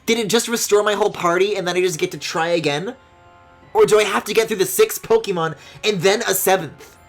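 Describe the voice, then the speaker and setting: A woman streaming a video game, chatting casually and swinging between loud squealing outbursts and low mutters, swearing often. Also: brisk, faint music behind.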